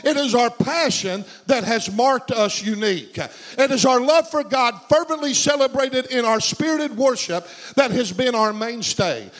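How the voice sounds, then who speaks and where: A man's voice: very high-pitched, expressive, a little slow, a bit bright, rough recording. A middle-aged man preaching a sermon, telling a story with fervent, repetitive phrasing. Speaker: pastor.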